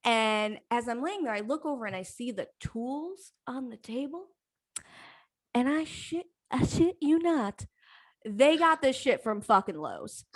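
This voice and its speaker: A young adult woman telling a comic personal story on a live stream, profane, animated and self-mocking. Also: on the high side, no room sound.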